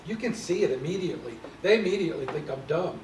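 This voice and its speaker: A man's voice: a little high, expressive, quick pace, darkish tone, distant mic, a little hiss or hum. Man telling stories in an echoey room. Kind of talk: sharing personal experiences.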